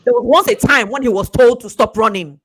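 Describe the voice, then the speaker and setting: A woman giving a fast, emphatic motivational talk, laughing often. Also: on the high side, lively intonation. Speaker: speaker and coach.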